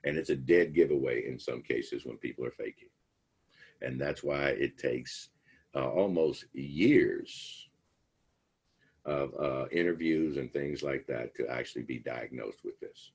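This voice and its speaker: A man's voice: rumbling low, vocal fry, a little mellow, breathy edge. A man teaching a class in a loose, rambling way, telling a story and acting out the quoted lines. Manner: rambling storyteller, acts out quotes, many fillers. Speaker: instructor. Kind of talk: casual lecture retelling a film plot.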